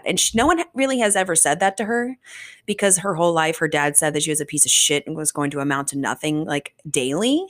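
A woman's voice: deep voice, expressive, fast talker, a bit bright. A young woman hosting a podcast, recapping a book in a chatty, casual way, full of fillers and swearing. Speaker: podcast host. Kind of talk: casual chat.

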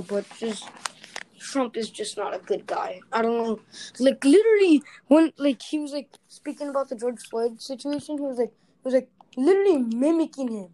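A woman's voice: high voice, mellow, poor audio. A young woman co-hosting a podcast, talking bluntly and heatedly with lots of filler words. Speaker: podcast co-host. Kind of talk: casual chat.

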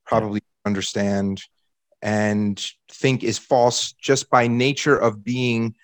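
A man's voice: fairly low pitch, no echo. A man co-hosting a casual podcast, thinking aloud with frequent restarts and repeated words. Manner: hesitant, restarts and repeats while working out a point.

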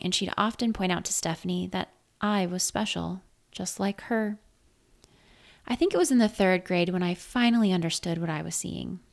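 A woman narrating a first-person story in a measured, reflective way. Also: medium pitch.

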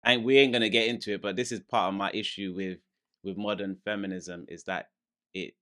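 Low voice guy cohost, bright tone, firm opinions. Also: steady tone, a little fast. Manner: firm, opinionated, frequent "mm" backchannels. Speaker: podcast co-host. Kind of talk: casual chat, opinion discussion.

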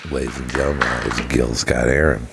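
A man with a rumbling, very low voice hosts a casual podcast. He jokes, swears freely and talks loosely with his co-host. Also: steady tone, fairly quick, gravelly, loud music behind the voice. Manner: loose, profane, laughing banter. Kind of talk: casual chat.

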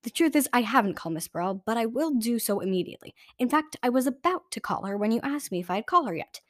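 A woman voicing a brisk, evasive adult woman official who gives smooth, slippery answers in a read-aloud story. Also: on the high side, animated, dry recording, studio quality, lightly acted.

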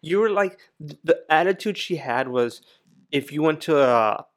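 A man's voice: on the high side, lively intonation, normal speed. A man co-hosting a casual chat, chiming in with wry remarks. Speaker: podcast co-host.

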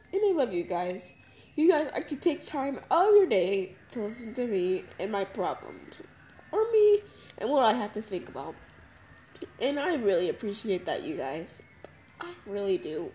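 A young woman crying as she talks through her feelings in a halting, repetitive confessional monologue. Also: a little high, sing-song, dark tone, low-quality recording. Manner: halting, emotional, repeats herself. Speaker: podcast host.

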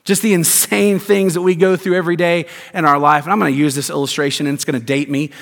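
A man preaching a sermon as pastor, emphatic, with rhetorical questions and deliberate stresses. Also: on the high side, flat delivery, creaky, a bit bright. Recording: long hall reverb.

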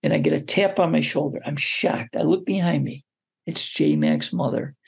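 A man, a basketball coach, telling a story as a guest in an interview, lively and often putting questions to the listener. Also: fairly high pitch, normal speed, creaky, husky. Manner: animated storyteller who poses questions to the listener.

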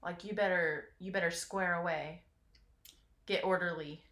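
A woman's voice: lowish voice, steady tone, measured pace, fairly bright tone. Giggly teasing woman host, echoey room. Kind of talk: casual chat game.

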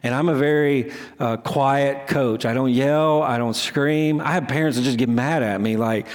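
A man's voice: medium pitch, normal speed. A middle-aged man preaching a sermon as pastor, conversational and self-deprecating, often restarting his sentences. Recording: long hall reverb.

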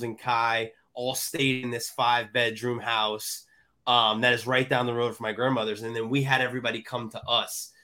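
A congested man co-hosting a casual morning chat, telling a relaxed, reminiscent story. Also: medium pitch. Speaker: co-host.

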